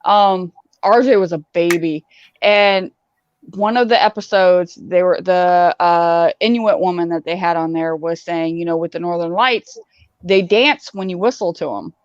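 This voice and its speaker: A woman's voice: fairly low pitch, unhurried, clean tone, no echo, highs cut off. A woman co-hosting a podcast in casual chat, playful and chatty. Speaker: podcast co-host.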